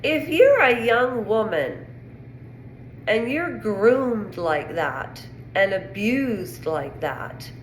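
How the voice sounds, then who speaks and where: Slow-talking indignant woman, echoey room. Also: mid-range voice, sing-song. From Canada. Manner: rambling, indignant, digressive. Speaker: pop culture commentator. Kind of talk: casual opinion monologue. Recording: echoey room with faint noise.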